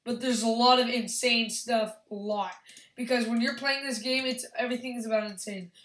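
A young woman giving excitable, rambling commentary over her own gameplay, yelling at opponents. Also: fairly high pitch, normal speed. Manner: excitable, restarts often, yells at opponents. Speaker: gaming channel host. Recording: echoey room with faint background hiss.

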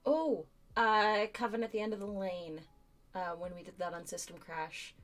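A woman's voice: mid-range voice, fairly even intonation, moderate pace, a bit bright. A woman co-hosting a live stream, chatting casually and rambling with many fillers. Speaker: co-host. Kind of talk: casual chat.

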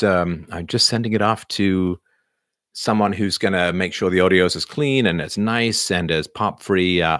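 Middle-aged male livestream host, low register, loose rambling delivery, dry room. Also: fairly bright tone, no room sound. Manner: rambling, lots of fillers and restarts. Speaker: livestream host answering viewers. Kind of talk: casual live chat.

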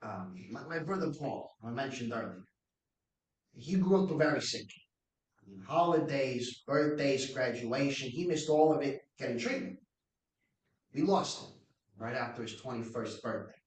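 A man's voice: mid-range voice, animated, normal speed, voice pushed up, lightly acted. A man playing a wealthy mobster-style philanthropist in a general New York-area accent, testifying in a mock trial, recorded from far off in an echoey room. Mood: somber. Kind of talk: mock trial witness acting.

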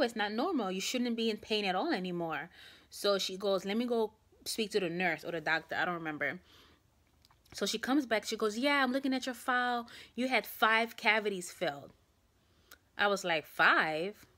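A woman's voice: mid-range voice, moderate pace, fairly bright tone. A young woman vlogging to camera, telling a rambling story and speaking with a sore jaw that makes talking hard. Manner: chatty, rambling, addresses viewers as guys. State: sore jaw, trouble opening mouth.

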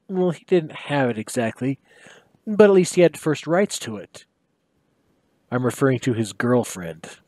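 Guy reading a story aloud at home in the basement, kinda high voice, dry close sound. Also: darkish tone, no echo.

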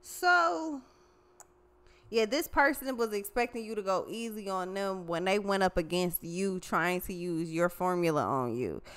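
A woman's voice: medium pitch, measured pace, fairly bright tone, smooth. A woman doing a casual tarot reading, profane and slangy, talking animatedly straight to the viewer. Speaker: tarot reader.

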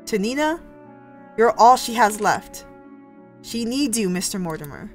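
A woman voicing a weary, determined older man, speaking earnestly and gently pleading. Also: medium pitch, animated, measured pace, faint music behind, close to an everyday voice.

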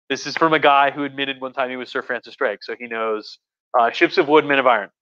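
Eager, bright-voiced man lecturing on stream. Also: mid-range voice, fast talker, clear, resonant tone, dull audio. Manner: rambling and enthusiastic, many restarts. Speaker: history professor hosting a livestream. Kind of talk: casual lecture on a live stream.

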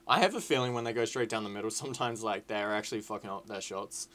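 A young man giving casual, excitable, sweary commentary over a football management game. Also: mid-range voice, quick pace, few pauses. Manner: excitable, sweary, shouts at the screen. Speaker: gaming YouTuber.

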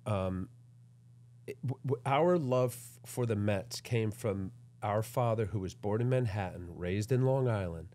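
A middle-aged man, a former pitcher, chatting in an interview, rambling and friendly with frequent restarts. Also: measured pace, dark tone, slight background noise. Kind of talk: casual interview chat.

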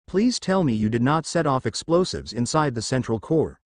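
A man voicing a gruff male space cop leader in a fan story reading, grumbling and barking orders. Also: medium pitch, sing-song, moderate pace, no room sound, studio quality, natural voice. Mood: stern.

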